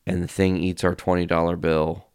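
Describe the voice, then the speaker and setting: A man with a very low, gravelly voice hosts his podcast, telling a rambling story with lots of swearing and quick acted-out quotes. The sound is close and dry, with no room around it. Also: flat delivery, darkish tone, no room sound. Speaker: podcast host. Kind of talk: casual storytelling monologue.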